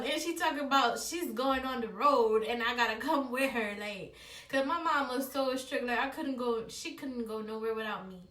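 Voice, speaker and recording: A woman vlogger telling a story in an animated way, laughing and acting out dialogue. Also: on the high side, far from the mic. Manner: expressive, laughs, acts out dialogue. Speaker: vlogger, relationship coach. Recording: roomy echo, a bit off-mic.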